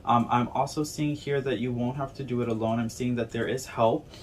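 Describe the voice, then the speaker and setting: A man's voice: mid-range voice, fairly even intonation, a little fast, a little hiss or hum. Earnest man giving a tarot reading. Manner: earnest, repeats "okay?" and "right?". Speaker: tarot reader. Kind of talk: spiritual reading to camera.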